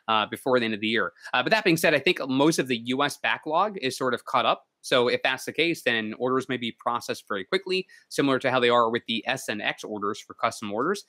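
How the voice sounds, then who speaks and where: A man co-hosting a casual podcast, explaining things in a brisk way. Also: mid-range voice, expressive, sharp tone, no echo. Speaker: podcast co-host.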